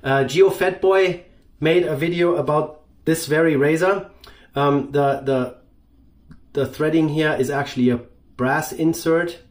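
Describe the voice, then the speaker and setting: A man's voice: on the high side, steady tone, measured pace. A man hosting a shaving channel, talking through his gear in a loose, rambling way with many fillers. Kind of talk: casual product review.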